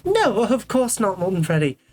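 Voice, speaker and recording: A woman's voice: mid-range voice, very animated, moderate pace, a little mellow, faint music behind. A woman voicing a stern female animatronic with a put-on English accent, firm and clipped. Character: stern female animatronic ballerina-clown with a prim English manner.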